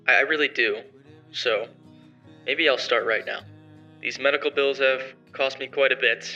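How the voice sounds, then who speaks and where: A man's voice: medium pitch, pushed and bright, highs cut off. A young man voicing an arrogant male motivational streamer who speaks in a sarcastic, defiant, confrontational way in an amateur story drama.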